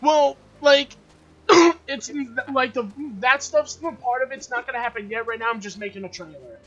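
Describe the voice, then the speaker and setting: Bright-toned teasing young man streaming. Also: extremely high pitch, moderate pace. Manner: teasing, animated, filler-heavy. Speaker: live stream host. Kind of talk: casual chat among friends. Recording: slightly muffled mic with faint noise.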